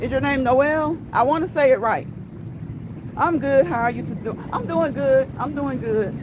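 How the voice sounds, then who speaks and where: A high-pitched woman hosts a casual walking livestream, playful and chatty as she addresses her viewers. She talks into a phone outdoors on a city street. Traffic and street noise sit clearly behind her voice. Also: normal speed. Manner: playful, chatty, laughs often, talks to chat directly. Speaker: livestream host.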